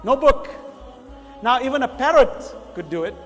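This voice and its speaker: A man giving an animated sermon to a congregation, rising to emphatic shouts. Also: very high voice, normal speed, in a large hall, faint music behind. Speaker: preacher.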